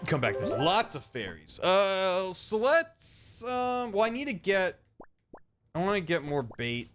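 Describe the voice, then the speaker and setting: A man's voice: high voice, very animated, slow, fairly bright tone, faint music behind. A man streaming a video game, rambling and joking about what happens on screen. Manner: rambling and jokey, riffing on the game. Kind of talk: casual gameplay commentary.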